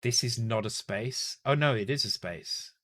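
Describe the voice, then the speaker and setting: At a moderate pace and medium pitch, with a slightly bright edge, a man from Northern England streams himself coding a retro game. He thinks aloud and mutters, corrects himself, and throws in jokes with casual swearing.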